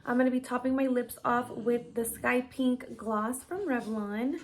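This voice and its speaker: With a fairly high voice at a measured pace, the young vlogger chats cheerfully through makeup steps and viewer questions, whispering the odd aside. She's at home under ring lights, and a little hiss or hum is audible.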